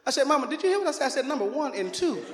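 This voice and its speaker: Male pastor, very high voice, preaching in a reverberant church hall. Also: big pitch swings, rapid-fire, a little hiss or hum. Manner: preaching with shouts and laughter, calling out to the congregation. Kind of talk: sermon. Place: church sanctuary. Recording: echoey hall.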